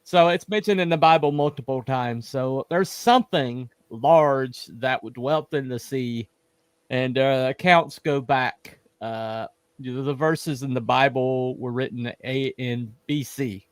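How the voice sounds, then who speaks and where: A man hosting a casual livestream chat, quoting scripture haltingly with many fillers. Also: mid-range voice, smooth, no echo. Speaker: host.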